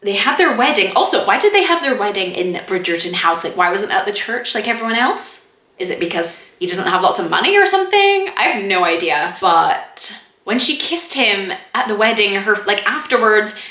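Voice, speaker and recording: A young woman talks casually into the camera about a series she just watched, her voice bright and forceful. She fills her talk with "like" and acts out lines in mock voices between little laughs. The room around her rings with echo. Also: medium pitch, sing-song. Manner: chatty, lots of "like", quick laughs and mock quotes. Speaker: TV review vlogger. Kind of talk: casual review chat to camera. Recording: echoey room.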